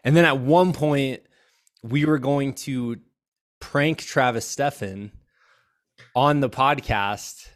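A man's voice: medium pitch, slow pace, long pauses. A young man hosting a casual podcast, joking around and laughing often. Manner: jokey, laughs often, playful bits. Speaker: podcast host.

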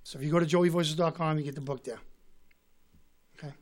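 Rambling storytelling man, higher voice. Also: fairly even intonation, a little fast. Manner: rambling storyteller with frequent restarts, imitates others' voices. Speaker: guest singer and author. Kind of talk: casual interview chat.

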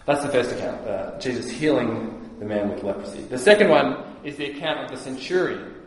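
Earnest male preacher in an echoey hall. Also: mid-range voice. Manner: earnest, explanatory, frequent "uh" pauses. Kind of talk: sermon.

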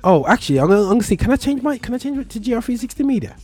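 A man's voice: very high-pitched, sing-song, racing, a little mellow. A man with a London accent hosting a talk show, chatting casually in slang and often stumbling over his words. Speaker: radio show host. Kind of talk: casual chat.

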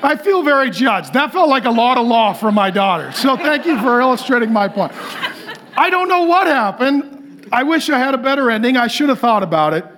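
A pastor delivering a humorous sermon, telling stories in an animated way and often laughing as he talks. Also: extremely high pitch, fairly quick.

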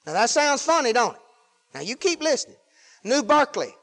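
A man preaching a fervent sermon, swinging between loud exclamations of praise and low, quieter asides. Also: sing-song, brisk. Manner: fervent, rising and falling with hallelujahs.

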